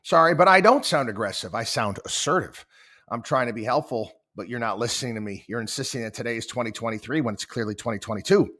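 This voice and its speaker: A man's voice: medium pitch, animated, fast, pushed and bright. A man voicing an insistent AI chatbot that grows stiff, self-assured and scolding. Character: insistent, prickly AI chatbot, male-voiced.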